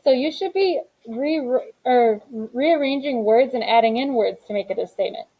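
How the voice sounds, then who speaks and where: A woman's voice: on the high side, moderate pace, creaky, mellow, rough recording. Woman teacher going over answers. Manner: reads each item aloud then explains the answer. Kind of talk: classroom grammar lesson. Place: classroom.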